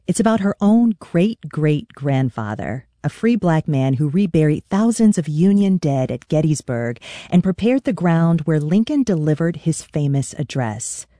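A man hosting a public radio interview, reading a measured scripted introduction and then asking questions. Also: a little high, very animated, mellow, no room sound, studio quality.

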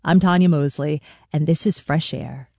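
A woman radio host giving a measured, scripted introduction. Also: deep voice, mellow, dry recording, clean studio sound.

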